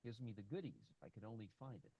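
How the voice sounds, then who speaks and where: A man's voice: fairly low pitch, racing, dark tone, husky, highs cut off. A man hosting a live stream on options trading, brash and sarcastic, answering viewers from the chat by name.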